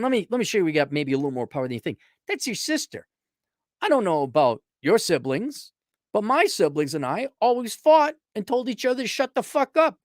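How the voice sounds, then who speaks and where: A man's voice: high voice, no room sound, studio quality. A middle-aged man giving a blunt, profane, casual monologue answering listener questions, acting out quoted exchanges.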